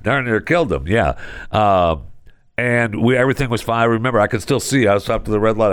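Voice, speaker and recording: A very low-voiced man in middle age talks in an animated, wandering way, circling back on himself as he tells a story. His voice sounds dry and close, with no room around it. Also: brisk, no room sound. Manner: animated, digressive storyteller with many restarts. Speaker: talk show host. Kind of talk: casual rambling talk and live ad read.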